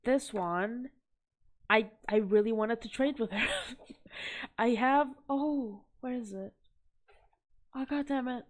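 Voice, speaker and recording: A young woman vlogs to camera, showing off art she has collected while rambling chattily and poking fun at herself. Her voice is fairly high, and she takes her time with long pauses.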